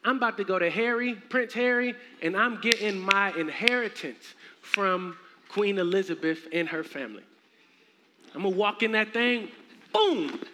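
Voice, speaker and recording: A young man preaching a sermon in a church, animated and humorous with casual slang. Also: high voice, moderate pace. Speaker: minister. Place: church sanctuary. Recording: echoey hall, faint noise.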